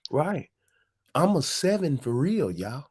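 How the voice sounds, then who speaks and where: A man hosts a loose, casual chat, his pitch swinging widely as he jokes. He curses freely and keeps bursting into laughter. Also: slow pace, slightly rough. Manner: animated, profane, bursting into laughter. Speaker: host. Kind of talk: casual chat with a rapped verse.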